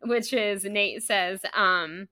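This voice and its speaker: A woman co-hosting a podcast, talking casually and at length about a book, with lots of fillers and a rambling, animated delivery. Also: mid-range voice, drawn-out words, no echo. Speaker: podcast co-host.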